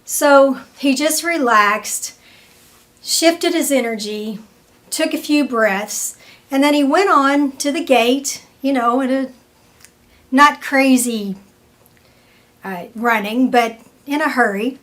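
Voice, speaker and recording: A woman's voice: high-pitched, a bit bright. A woman presenting a weekly wellness tip, telling a story and acting out the people in it. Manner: slow, storytelling, acts out quoted people.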